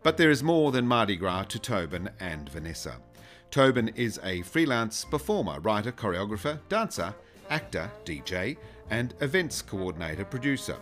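A man hosting a podcast, who gives a scripted intro and then interviews a guest in a friendly, measured way. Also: lowish voice, very animated, fairly bright tone, soft background music. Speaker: podcast host.

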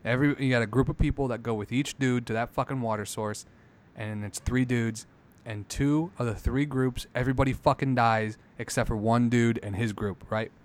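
A man in casual podcast chat, talking emphatically with lots of swearing and getting loud as he makes his points. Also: mid-range voice, steady tone, normal speed. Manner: emphatic, profane, builds into loud rants.

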